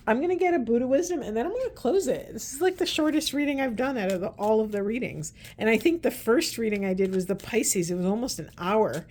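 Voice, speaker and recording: A woman's voice: mid-range voice, a little mellow. Chatty woman giving a card reading. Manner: chatty and rambling, earnest, with many likes and restarts. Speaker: tarot and oracle card reader. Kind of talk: casual spiritual card reading to camera.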